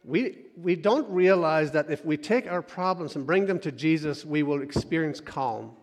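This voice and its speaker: A man's voice: fairly high pitch, normal speed. Man preaching in a reverberant hall. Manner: conversational preaching, repeats words, quiet when quoting scripture. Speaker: pastor. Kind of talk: sermon.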